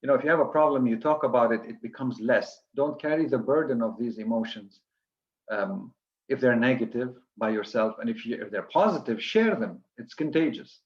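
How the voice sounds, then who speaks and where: A man's voice: medium pitch, fairly quick, lo-fi sound. A man giving an earnest coaching lecture to physicians, listing steps with frequent restarts.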